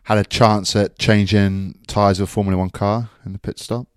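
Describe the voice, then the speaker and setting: A man's voice: lowish voice, little pitch movement, moderate pace, smooth, dry recording. A man co-hosting a casual podcast, recounting his week in a laid-back, dry way. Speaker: co-host, rugby commentator.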